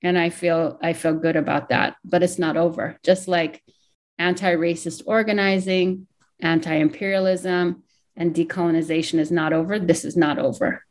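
A woman's voice: on the low side, steady tone, normal speed, slight background noise. Candid, reflective woman author being interviewed. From Hawaii. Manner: reflective, candid, with restarts and emotion. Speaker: author and academic. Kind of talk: interview answers.

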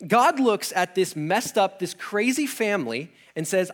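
A man's voice: high-pitched, expressive, measured pace. A young adult man preaching, retelling a scripture story casually with slang, laughs and acted-out character lines.

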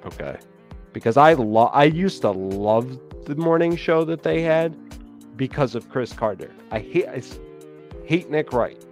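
A man's voice: medium pitch, lively intonation, measured pace, soft background music. A man co-hosting a casual sports podcast, laid-back and hesitant, with lots of fillers. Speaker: podcast co-host.

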